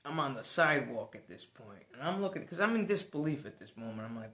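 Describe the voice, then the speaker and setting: A man telling a personal story to the camera in a casual vlog, animated and swearing now and then. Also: medium pitch, fast, roomy sound. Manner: animated, swears, laughs as he tells it. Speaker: vlogger.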